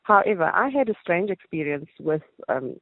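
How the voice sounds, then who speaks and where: A woman from Johannesburg with a South African accent calling in to a radio show, telling a story in a chatty, animated way. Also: lowish voice, moderate pace, no room sound. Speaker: caller. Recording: tinny phone line.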